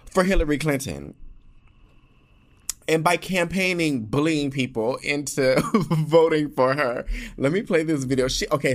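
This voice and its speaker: A man's voice: medium pitch, fairly bright tone. A man hosting his own podcast, talking casually and rambling with lots of fillers and laughs. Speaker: podcast host.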